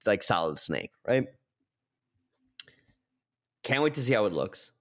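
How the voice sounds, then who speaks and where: Animated excitable man co-hosting a podcast. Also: on the low side, measured pace. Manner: excitable, animated, acts out little scenes. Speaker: gaming podcast co-host. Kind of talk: casual podcast chat.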